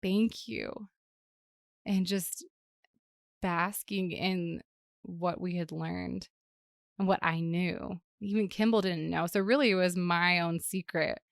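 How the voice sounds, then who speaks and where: Low-voiced woman with vocal fry. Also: fairly even intonation, slow, no echo, studio quality. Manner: reflective, emotional, with many "like" fillers. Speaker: podcast host and parent. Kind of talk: personal storytelling.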